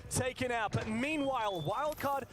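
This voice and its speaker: A man casting a live esports match, building excitement and shouting at big plays. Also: very high voice, normal speed. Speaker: esports caster.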